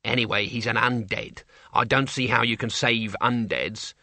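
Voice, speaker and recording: A man's voice: mid-range voice, fairly even intonation, moderate pace, creaky, pushed and bright, no room sound. A man voicing a nervous, pedantic old male wizard, the senior wrangler, in a storybook reading. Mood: incredulous.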